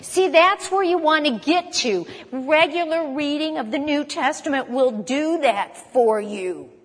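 A woman's voice: high voice, animated, big-room sound. A woman preaching a sermon, emphatic, asking rhetorical questions and repeating phrases for stress. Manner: emphatic, rhetorical questions, rapid mock chanting.

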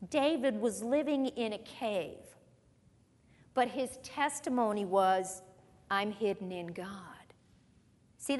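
Lady preacher reading scripture and asking questions, fairly high voice, big echoey church sound. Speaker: pastor. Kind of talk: sermon. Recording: long reverb of a large hall.

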